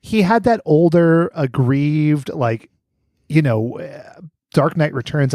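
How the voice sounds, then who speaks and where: A man's voice: on the high side, big pitch swings, slow, darkish tone, dry recording, clean studio sound. A man co-hosting a podcast, chatting casually, rambling and joking, swearing freely. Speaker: podcast co-host. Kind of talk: casual chat.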